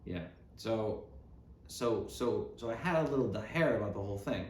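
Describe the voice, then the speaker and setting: A man hosting a casual comedy podcast speaks at normal speed in a lowish, expressive, somewhat mellow voice. He wanders and makes sarcastic remarks, often dropping a thought halfway. The room sound is open, with faint background noise.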